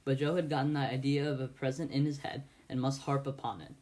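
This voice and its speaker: A man's voice: mid-range voice, fairly even intonation, fast, few pauses, darkish tone. A man giving an amateur audiobook reading of a classic novel, with frequent stumbles and restarts. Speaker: volunteer reader.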